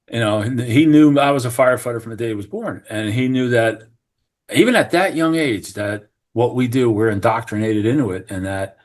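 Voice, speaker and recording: A middle-aged man from New Jersey, a retired fire captain, telling a story as a podcast guest in an earnest, animated way, acting out what people said. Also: mid-range voice. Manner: earnest, animated, acts out quoted remarks, many restarts. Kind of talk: conversational storytelling.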